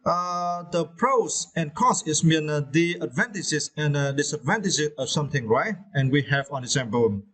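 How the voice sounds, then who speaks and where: A man teaching English vocabulary, pausing often with fillers and checking in with "right?". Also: mid-range voice, fairly bright tone. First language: Vietnamese. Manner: hesitant, many fillers and tag questions. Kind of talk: vocabulary lesson.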